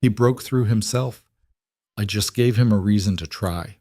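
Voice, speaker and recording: A man voicing a calm, firm young duchess in a storybook reading. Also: fairly low pitch, unhurried, dry recording, studio quality.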